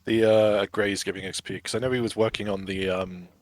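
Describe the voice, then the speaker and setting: A man's voice: lowish voice, fairly even intonation, fairly quick. A man on a voice call, matter-of-fact, reading out test notes and chatting casually. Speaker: game server tester. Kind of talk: casual voice chat.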